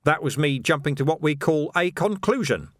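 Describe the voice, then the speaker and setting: Man narrating a weary watch sergeant, sarcastic, dry delivery, lively intonation. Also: on the high side, moderate pace, no room sound, pitched above the performer's own voice, natural voice.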